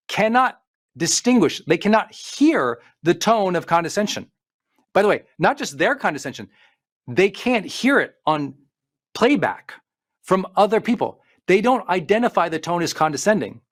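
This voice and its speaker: A middle-aged man, a performance coach, giving an emphatic motivational talk with slowed-down stresses and listed points. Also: fairly high pitch. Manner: emphatic, preachy delivery with slowed stresses and lists.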